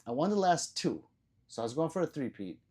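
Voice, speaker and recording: A man's voice: fairly high pitch, very animated, a little fast, a little mellow, breathy edge. A man hosting a casual live stream, reading viewer comments aloud, laughing often and swearing casually. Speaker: livestream host reading chat.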